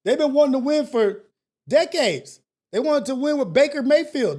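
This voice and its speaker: A man's voice: very high voice, animated, moderate pace, a little mellow. A man hosting a call-in talk show, ranting bluntly and emphatically, with slang and profanity and lots of repetition. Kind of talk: casual motivational talk show rant.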